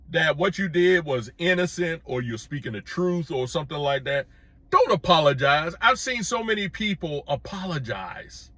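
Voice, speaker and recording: A middle-aged man giving an opinion commentary to his viewers, plain-spoken and emphatic, repeating his points and pushing his pitch up when he presses one. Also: sharp tone, no room sound. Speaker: commentary vlogger.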